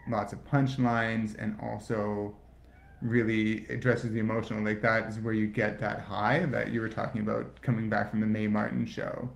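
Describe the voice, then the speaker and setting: A man comedian in casual chat, halting and full of fillers like "like". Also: lowish voice, level tone, creaky. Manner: halting, filler-heavy, lots of "like". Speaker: comedian guest.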